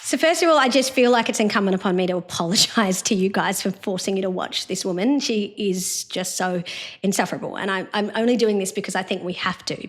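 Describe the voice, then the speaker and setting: A woman host, giving emphatic, scornful political commentary. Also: mid-range voice. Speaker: host and law professor.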